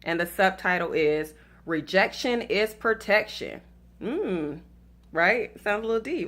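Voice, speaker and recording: A woman's voice: medium pitch, lively intonation, a little slow, a bit bright. Chatty woman with a Southern lilt. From Atlanta, US South. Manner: chatty, playful, laughs at her own story; addresses viewers directly as y'all. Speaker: dating advice vlogger. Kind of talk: casual faith-based talk to viewers.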